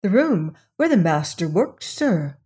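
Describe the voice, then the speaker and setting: A woman's voice: on the low side, big pitch swings, a little slow, warm tone. A prim, polite housemaid, as a woman reader puts her on. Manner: prim, respectful and deferential.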